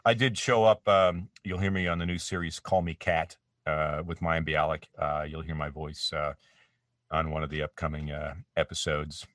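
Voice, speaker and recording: A Canadian man with a low, deep voice talks casually as an interview guest. He rambles and pokes fun at himself, often restarting his sentences. The sound is dry and slightly off-mic, from a small home studio. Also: fairly even intonation, normal speed, fairly bright tone, dry recording, far from the mic. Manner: rambling and self-deprecating, many restarts. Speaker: voice actor guest.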